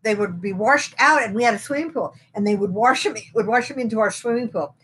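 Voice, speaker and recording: A woman's voice: fairly high pitch, a little fast, a bit bright, a little hiss or hum. A middle-aged woman co-hosting a live podcast, chatting casually and telling stories with little repeats. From western United States. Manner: chatty storyteller, repeats words while telling anecdotes. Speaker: podcast co-host. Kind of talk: casual chat.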